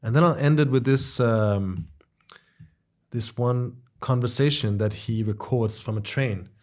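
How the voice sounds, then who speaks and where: Guy cohosting a political talk show, mid-pitch, gets animated reading out quotes. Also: a little slow. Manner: animated, acts out quoted dialogue with shifting pitch. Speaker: podcast co-host.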